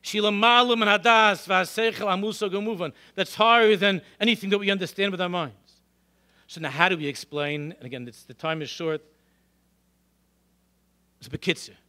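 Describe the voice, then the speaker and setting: A middle-aged male rabbi lecturing a congregation in a synagogue, telling animated stories and throwing out rhetorical questions. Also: high-pitched, a little fast. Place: synagogue hall.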